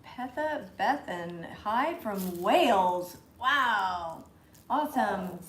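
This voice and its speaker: A woman co-hosting a live crafting stream, reading viewer comments aloud in an unhurried, giggly way. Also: medium pitch, animated, fairly bright tone, echoey room, a little hiss or hum, poor audio. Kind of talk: casual chat on a live stream.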